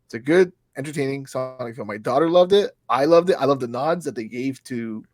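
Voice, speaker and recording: A man in his thirties co-hosting a podcast, excitable and swearing freely, his pitch jumping up when he gets worked up. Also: a little fast, no room sound, studio quality, faint music behind. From Europe. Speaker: podcast co-host. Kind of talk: casual chat.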